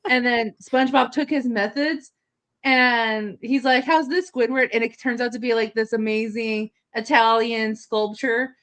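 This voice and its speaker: A woman's voice: fairly high pitch, fairly even intonation, measured pace, a bit bright. A woman guest on a live stream, chatting casually and telling stories in a playful way. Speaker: guest artist. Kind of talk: casual chat.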